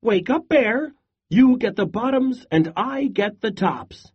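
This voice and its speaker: A man voicing a scheming male hare in a storybook read-aloud, with a smooth-talking, chirpy patter. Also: on the high side, wildly swooping pitch, slow pace, muffled recording, full character voice. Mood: calling loudly. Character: sly scheming male hare, cheerful trickster.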